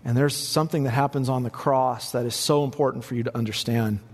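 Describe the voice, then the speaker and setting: A man preaching a sermon as pastor, building to emphatic peaks and dropping low for quiet points. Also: fairly even intonation, fairly quick, breathy edge. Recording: long reverb in a large hall.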